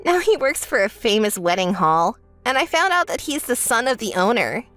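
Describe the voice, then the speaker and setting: A woman's voice: sing-song, moderate pace, fairly bright tone, faint music behind. A woman doing a spoiled, bossy bride sister. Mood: smug. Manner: whiny, bossy, shrill when angry. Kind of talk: texting story voice-over.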